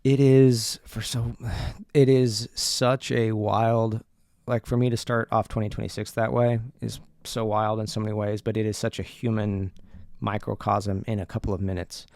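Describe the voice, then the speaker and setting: A man's voice: fairly low pitch, flat delivery, moderate pace, vocal fry, a little mellow, no echo. A man hosting his own show, telling a personal story in a candid, loose way with lots of filler words. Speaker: podcast host. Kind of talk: casual storytelling monologue.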